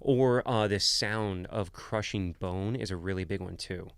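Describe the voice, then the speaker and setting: A man's voice: deep voice, measured pace, clear, resonant tone, dry recording, clean studio sound. A man who works as a wildlife photographer and shark dive guide, talking as a podcast guest and telling stories casually, with lots of "like" and "bro". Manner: animated, filler-heavy, says "bro" and "like". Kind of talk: casual storytelling. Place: podcast studio.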